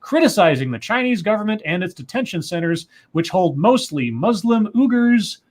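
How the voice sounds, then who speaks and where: A man's voice: sits high, big pitch swings, normal speed. A man co-hosting a livestream, reading news articles aloud and breaking in with asides and self-corrections. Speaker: co-host.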